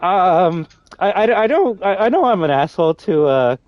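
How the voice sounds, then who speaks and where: Speaking at normal speed in a high-pitched voice with big pitch swings, a male streamer hosting a game lobby chats casually with a friend and his audience. He rambles, restarts often, uses many fillers and swears freely. The audio is dull, without echo.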